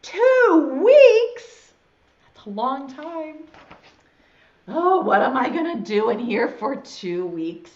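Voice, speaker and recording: A silly, fidgety little caterpillar boy, put on by a woman reading aloud, squeaking up high and swooping all over the place. He fires off pestering questions in a dull, echoey room. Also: animated, slow. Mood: restless.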